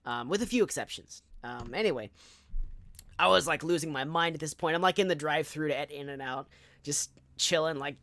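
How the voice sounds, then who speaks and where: A young man from Southern California streaming, telling a casual story in a chatty, animated way with lots of fillers and asides. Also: a little high, fairly quick, dry recording.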